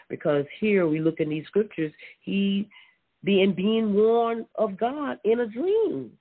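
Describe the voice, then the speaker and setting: Over tinny phone-line audio, a preacher gives an informal Bible teaching, reading scripture aloud, repeating words often, and murmuring a quiet mm-hmm in affirmation. The voice is mid-range with a breathy edge.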